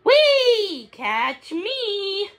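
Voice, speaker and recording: A woman voicing a small, quick male kitten who squeaks and meows excitedly in a storybook reading. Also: full character voice.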